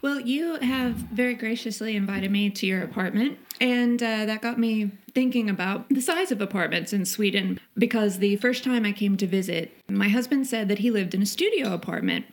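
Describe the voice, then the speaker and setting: A woman hosting a relaxed conversation, asking questions and telling stories with easy laughter. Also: mid-range voice, normal speed, few pauses. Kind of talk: casual conversation.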